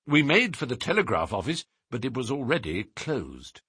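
A man narrating a story aloud in a measured, expressive reading. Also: medium pitch, slightly rough, dry recording, clean studio sound. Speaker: audiobook reader. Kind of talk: scripted narration.

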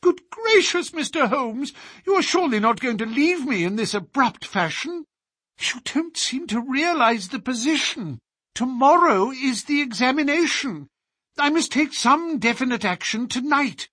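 A man's voice: high-pitched, very animated, normal speed, sharp tone, breathy edge, no echo, clean studio sound, voice pushed up, heavily acted. A man voicing a fussy, agitated older college tutor who pleads and frets. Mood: dismayed. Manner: flustered, pleading.

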